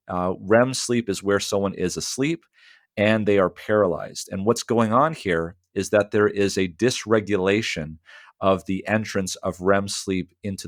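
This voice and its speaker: Deep-voiced male sleep doctor explaining. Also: dry recording, studio quality. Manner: explanatory, clinical, with fillers. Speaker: sleep medicine doctor, guest. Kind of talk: radio interview answers.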